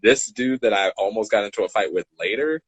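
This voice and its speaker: A man in his twenties co-hosting a podcast, telling stories in a casual, animated way and acting out the dialogue. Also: fairly low pitch, fairly quick, slightly rough, no room sound, low-quality recording. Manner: animated, acts out dialogue, laughs between lines. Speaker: podcast co-host. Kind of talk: casual storytelling chat.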